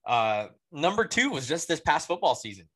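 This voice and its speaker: A young man co-hosting a casual sports podcast, blunt and animated, swearing casually and laughing through his stories. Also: a little high, moderate pace, husky. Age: young adult. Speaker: podcast co-host.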